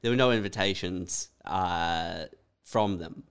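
Smooth-voiced man prompting with questions. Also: low voice, slow pace, fairly bright tone. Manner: brief prompting questions and agreement. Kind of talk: casual podcast chat.

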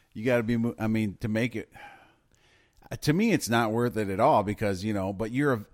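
Casual, swearing podcast guy, low voice. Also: moderate pace, no echo, studio quality. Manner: loose, profane, laughs often. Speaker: podcast co-host. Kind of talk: casual news chat.

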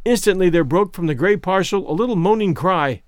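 Expressive man narrating an audiobook. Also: high-pitched, clean tone, no echo, studio quality. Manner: measured and expressive.

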